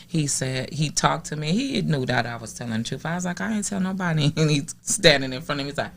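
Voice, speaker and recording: A middle-aged woman from the Minneapolis area, a podcast guest telling stories casually. She is animated, laughs often and acts out the voices of the people she quotes. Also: deep voice, a little fast, a little hiss or hum. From Minneapolis area, USA. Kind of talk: casual storytelling.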